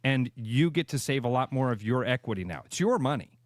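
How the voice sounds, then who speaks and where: A man's voice: medium pitch, lively intonation, fairly quick, no room sound, studio quality. A man co-hosting a radio show, talking casually and emphatically, repeating phrases to drive a point home. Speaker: radio co-host, realtor. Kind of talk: casual sports radio chat.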